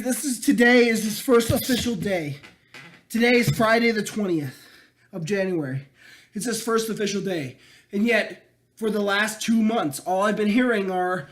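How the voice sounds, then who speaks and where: Male podcast co-host, very high voice, loud profane ranter. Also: measured pace, slight background noise, poor audio. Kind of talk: casual chat.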